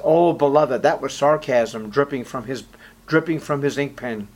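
A man preaching an expository sermon, reading scripture aloud in old wording and firing rhetorical questions, his voice swinging from loud to hushed. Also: mid-range voice, moderate pace. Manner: reads scripture aloud in King James wording.

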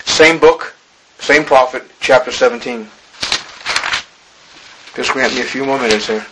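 A man's voice: medium pitch, measured pace, noisy background. A man preaching a sermon to a church congregation, pleading with his listeners and building to emphatic exhortation.

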